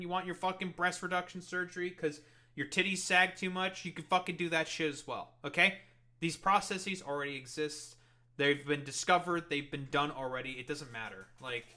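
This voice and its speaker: Man, reaction commentator, ranting and profane, fairly high voice with a bright edge. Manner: profane, ranting, heavy swearing; sarcastic, mocking.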